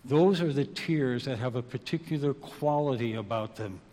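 A man preaching an evening sermon, slow and dramatic, moving between hushed and loud passages. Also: mid-range voice. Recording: long reverb of a large hall.

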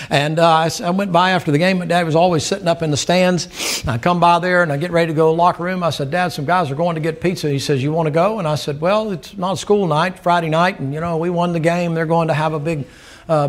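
An older man preaching a sermon, telling a folksy story, laughing and acting out the dialogue. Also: fairly high pitch.

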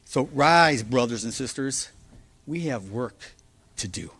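A male pastor preaching a sermon, earnest and emphatic, slowing down to stress key words. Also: mid-range voice, lively intonation, fairly bright tone, slightly rough. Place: church.

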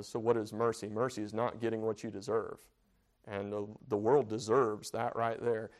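A man leading a church Bible study in a plain, conversational way. He repeats phrases for emphasis and often turns questions back to the room. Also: mid-range voice.

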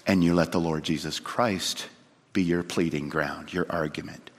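A man preaching a sermon, telling a story dramatically and swinging from loud to hushed. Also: sits low, fairly even intonation, normal speed, breathy edge. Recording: long hall reverb.

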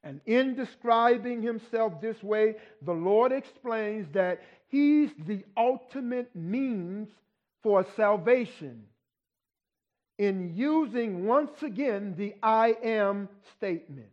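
A man with a high voice delivers a sermon at a slow, unhurried pace. He teaches in an easy conversational way and keeps asking his listeners "right?". The recording sounds dull and lo-fi. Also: lively intonation. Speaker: pastor.

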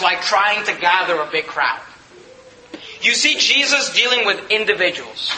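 A man's voice: sits high, pushed and bright, roomy sound, slight background noise, rough recording. A man preaching a sermon in a church, emphatic, often asking the congregation rhetorical questions. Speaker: pastor.

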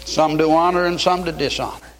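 A man's voice: fairly high pitch, brisk. A man preaching a fervent sermon in a church, quoting scripture in old-style English. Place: church sanctuary. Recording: long hall reverb.

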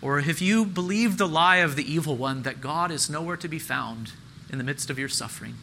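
Earnest preaching man, very bright voice. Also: fairly high pitch, a little fast, vocal fry, a little hiss or hum, low-quality recording. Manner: earnest, rising emphatic preaching with repeated phrases. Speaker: pastor. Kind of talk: sermon.

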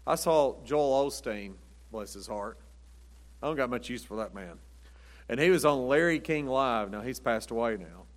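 A middle-aged man preaching a Baptist sermon in a folksy, emphatic way, with punchy short lines. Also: medium pitch.

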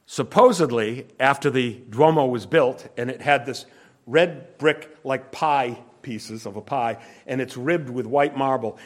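A man preaching a sermon, telling anecdotes and illustrations in a conversational way, asking his listeners questions and dropping into quiet asides between louder, emphatic lines. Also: a little slow. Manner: drops to soft low asides, then rises with emphasis.

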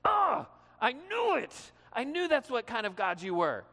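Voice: medium pitch, sing-song, a little fast, fairly bright tone, in a large hall. A preacher acting out a grumbling, stubborn male prophet. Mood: resentful.

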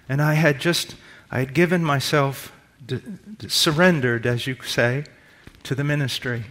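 A middle-aged male preacher giving a sermon, shifting between loud, slow emphatic preaching and quiet personal storytelling. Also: medium pitch.

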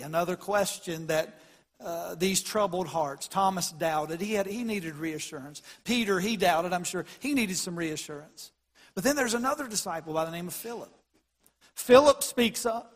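A man preaches with a high, ringing voice that carries through a long reverberant hall. His delivery is animated, and he climbs and grows louder whenever he quotes scripture. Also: moderate pace. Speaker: pastor. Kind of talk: sermon.

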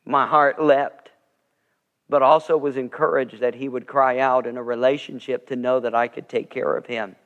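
A man's voice: medium pitch, steady tone, moderate pace, fairly bright tone, dull audio. A man preaching a sermon as pastor, telling stories earnestly and swelling with emphasis. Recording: long reverb of a large sanctuary.

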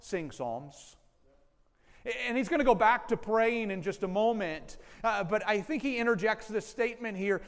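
A man's voice: sits high, lively intonation, normal speed, clear, resonant tone. A man preaching a sermon as pastor, speaking earnestly and directly to his congregation. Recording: long hall reverb.

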